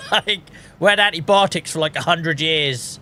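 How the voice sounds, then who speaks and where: A man's voice: on the high side, moderate pace, pushed and bright, a little hiss or hum. A British man streaming a game, chatting casually and ranting, laughing often at his own jokes. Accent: British English. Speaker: gaming streamer. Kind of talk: casual live-stream chat.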